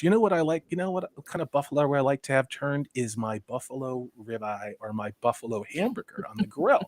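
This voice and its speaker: A man's voice: a little high, animated, a little fast, fairly bright tone, dry recording. A man hosting a casual livestream, reading out chat comments and riffing on them with rambling, sarcastic asides.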